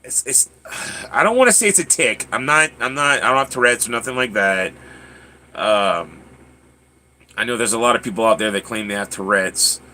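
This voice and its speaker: Bright, pushed, and animated, the medium-pitched voice of this male livestream host moves at a normal speed as he casually reads viewer comments. He keeps stammering and repeating words.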